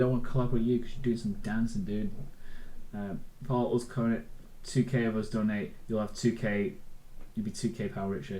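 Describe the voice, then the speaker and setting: A man's voice: mid-range voice, darkish tone, rough recording. A young man in his twenties, hosting a casual livestream and chatting loosely while reading comments. He rambles and jokes. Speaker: streamer and show host.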